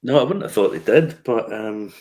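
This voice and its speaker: The host of a whiskey news show chats casually here, telling stories packed with fillers and restarts and laughing often. His mid-range voice is darkish in tone, with lively intonation at a normal speed.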